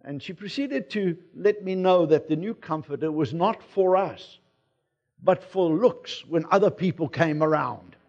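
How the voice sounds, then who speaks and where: South African pastor preaching, higher voice. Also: male voice, unhurried, a little mellow, highs cut off. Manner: conversational preaching with personal anecdotes. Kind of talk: sermon. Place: church sanctuary.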